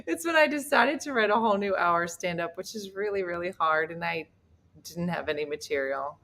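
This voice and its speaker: A woman's voice: fairly low pitch, expressive, fairly quick, fairly bright tone. A middle-aged woman comedian and host, telling a self-mocking story in casual group chat and laughing as she goes. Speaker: comedian and talk show host.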